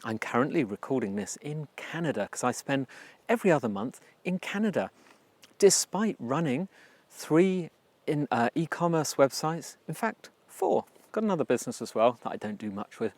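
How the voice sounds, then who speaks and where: A man's voice: a little high, no echo. A man from England with an English accent, hosting a marketing podcast in a chatty, self-deprecating manner and repeating words for emphasis. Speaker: podcast host. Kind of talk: casual solo podcast monologue. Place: home recording in Canada.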